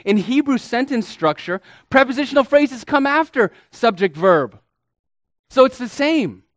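Pastor guy preaching slow, stretches words for emphasis, calls folks beloved. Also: very high voice, expressive, a bit bright, dry recording. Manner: deliberate teaching, stretches key words for emphasis; addresses listeners as beloved and friends. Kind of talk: sermon.

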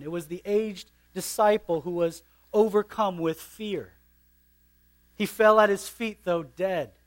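A man preaching a sermon earnestly, stressing and slowing on key phrases. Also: high-pitched.

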